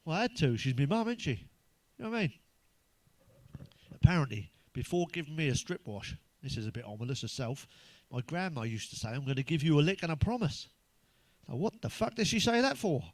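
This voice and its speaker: An English man with a fairly high speaking voice fires off crude, sweary one-liners as a stand-up comic. The sound is close and dry, with no room around it. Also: lively intonation, brisk, dry recording. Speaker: stand-up comedian. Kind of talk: stand-up joke routine.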